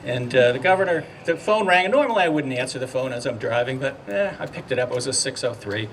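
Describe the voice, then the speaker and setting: An older man giving a ceremonial speech outdoors, halting and heartfelt, with many fillers and restarts. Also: medium pitch, lively intonation, slight background noise. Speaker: speaker at a memorial dedication. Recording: distant mic, faint outdoor ambience.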